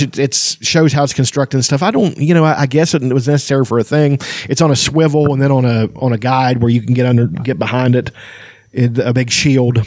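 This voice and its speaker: Man, casual book chat, chatty, enthusiastic, mid-pitched voice, dry close recording. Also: darkish tone, no room sound. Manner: chatty, enthusiastic, many fillers and restarts. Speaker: podcast host. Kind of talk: casual book discussion with read-aloud passages.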